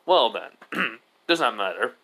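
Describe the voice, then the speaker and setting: A man's voice: fairly low pitch, very animated, slow pace, vocal fry, bright, forceful tone, slightly rough, full character voice. A man voicing a stern, weary male warrior god who speaks in a formal, clipped way while telling a fan story. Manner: formal, clipped, calls the boy "boy". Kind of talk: fan story narration with voiced characters.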